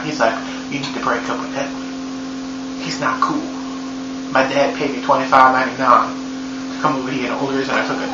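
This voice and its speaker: A man giving a comedic movie recap in a profane, sarcastic, rambling way. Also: a little high. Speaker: movie reviewer. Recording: echoey room, dull lo-fi sound with hum.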